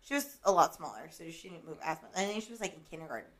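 A woman's voice: lowish voice, big pitch swings, very fast. A young woman co-hosting a podcast in casual chat, telling a story loosely with lots of filler words and the odd swear. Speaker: podcast co-host.

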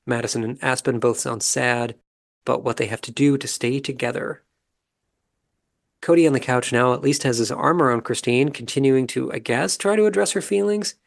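Calm man with a gravelly voice. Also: mid-range voice. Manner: calm, measured, analytical. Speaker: podcast host. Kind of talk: casual commentary recapping a reality show.

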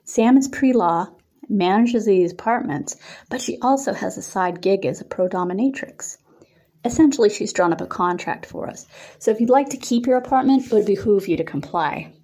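Woman reading a cooing, teasing college girl, bossy, mellow tone. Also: mid-range voice, expressive, normal speed.

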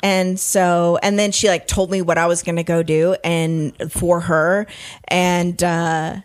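Rambling Southern woman, lowish voice. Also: level tone, takes it slowly. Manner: rambling, swears freely, acts out quotes. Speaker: podcast co-host. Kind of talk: casual chat. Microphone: headphones.

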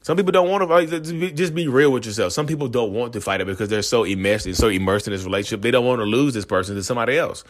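A man's voice: mid-range voice, rapid-fire, few pauses. A man ranting in a casual monologue, rambling and repeating himself as he acts out quoted voices. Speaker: self-aware narcissist vlogger.

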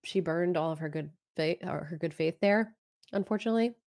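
A woman's voice: lowish voice, fairly quick, a little mellow. A woman co-hosting a podcast, recapping a reality show in casual chat and mimicking what people said. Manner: chatty, quotes people in playful voices. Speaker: podcast co-host.

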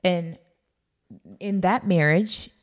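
A woman's voice: lowish voice, takes it slowly. A woman in casual podcast chat, talking bluntly and outspokenly. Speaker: podcast guest.

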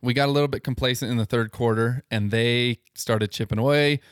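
A man recapping basketball games on a casual podcast in quick bursts, with filler ums. His voice has an average male pitch. The sound is dry and close-miked. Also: fairly even intonation, smooth, dry recording. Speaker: podcast co-host. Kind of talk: casual sports chat.

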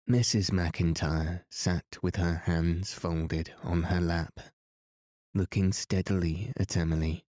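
A man narrating a classic novel as a calm sleep story podcast reading. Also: sits low, no echo, clean studio sound. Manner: slow, calm and even. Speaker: podcast host and reader.

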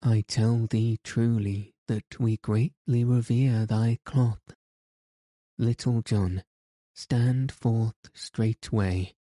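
A man's voice: mid-range voice, fairly even intonation, drawn-out words, mellow, no room sound, studio quality. A man voicing a courteous outlaw leader in an audiobook, speaking with mock solemnity. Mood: mock-grave. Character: grave, courteous male outlaw leader, gently mocking. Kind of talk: audiobook character reading.

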